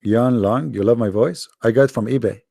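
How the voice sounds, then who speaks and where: Hours into hosting a live call-in debate, a sarcastic, mocking man sounds tired and worn out. His voice is dark, gravelly and medium-pitched, his pace brisk, and the recording is dry and close with no room sound.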